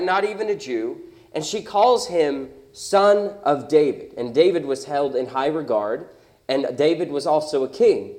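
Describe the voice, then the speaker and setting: Conversational pastor preaching, slightly high voice. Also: male voice. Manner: conversational, rhetorical questions, emphatic. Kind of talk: sermon.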